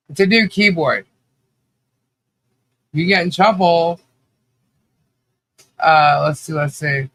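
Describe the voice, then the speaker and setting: Slow-talking bright-voiced male livestream host. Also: a little high. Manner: chatty, laughs often, many fillers and restarts. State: nasal from allergies. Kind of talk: casual livestream chat greeting viewers.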